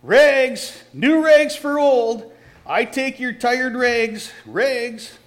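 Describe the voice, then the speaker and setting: A man voicing a strong young male ragman with a clear tenor, calling out loudly in a sing-song street cry. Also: mid-range voice, expressive, normal speed, pitched below the performer's own voice, close to an everyday voice.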